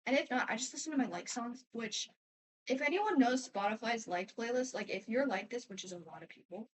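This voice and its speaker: A woman's voice: fairly high pitch, expressive, brisk, far from the mic, rough recording. A teenage girl answering fan questions in a casual, rambling way, often trailing off and restarting. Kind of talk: casual chat.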